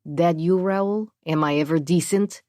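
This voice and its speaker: Woman doing a throaty eastern european lady, brash and mocking, low voice, dry. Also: a little slow, warm tone, no echo, natural voice. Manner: throaty, brash, broken English. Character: woman tenant sex worker, haughty and mocking.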